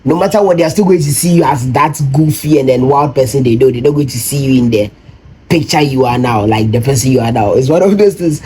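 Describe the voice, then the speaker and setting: A man's voice: mid-range voice, quick pace, mellow, a little hiss or hum, rough recording. A man from Ghana, hosting a reaction video, explains his thoughts casually and rambles, acting out other people's voices when he quotes them.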